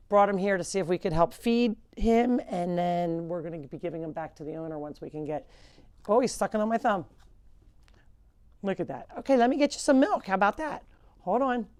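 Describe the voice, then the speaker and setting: A woman's voice: on the low side, darkish tone. A woman hosting a live farm show, chatting casually and switching into cooing baby talk with the animals, indoors at home on a clip-on mic. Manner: coos and baby-talks to animals; chatty, rambling explanations. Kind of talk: casual live-stream chat. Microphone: clip-on microphone.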